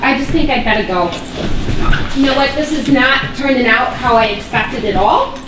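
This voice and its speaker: An actress playing a feisty sixteen-year-old daughter on a live stage, sarcastic and scornful with rapid outbursts. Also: female voice, on the high side, background noise, natural voice. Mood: frustrated. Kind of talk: live stage play acting. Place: theater stage. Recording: echoey stage from far off, faint ambience.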